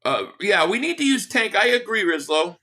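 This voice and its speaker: This high-voiced man has a sing-song delivery at a moderate pace, sounding pushed and bright. On his live sports reaction stream, he rants with heat and heavy profanity as he reads out chat messages from viewers.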